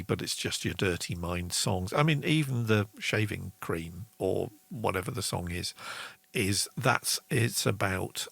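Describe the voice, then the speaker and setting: A man's voice: on the low side, creaky, fairly bright tone, dry recording. A man hosting a casual songwriting lesson, chatty, reading out viewer comments. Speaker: songwriting show host.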